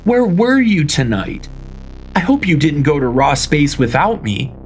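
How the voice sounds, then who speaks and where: A pouting, clingy society girl who whines every line, her voice pushed up high and swooping. A man puts her on as he reads the story aloud. Soft music hums underneath. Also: sing-song, moderate pace. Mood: whining. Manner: whining, pouting, petulant. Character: whiny clingy young woman, high-society fiancée. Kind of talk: audiobook character reading.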